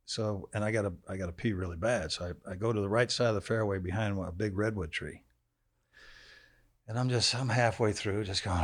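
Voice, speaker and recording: This older man, once a football player, speaks low and brisk with a darkish tone. As a studio podcast guest, he relaxes into a crude, humorous story, laughing along as he tells it in a casual interview.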